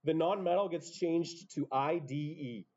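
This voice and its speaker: A man's voice: a little high, unhurried, darkish tone, muffled recording. A man teaching a chemistry class, explaining step by step with offhand asides. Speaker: high school chemistry teacher. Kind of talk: classroom lecture.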